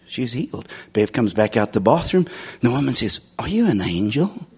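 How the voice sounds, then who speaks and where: Husky-voiced man preaching with big swings. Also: sing-song, moderate pace. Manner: swings from loud and high to hushed and low; laughs while telling stories. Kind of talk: sermon with storytelling.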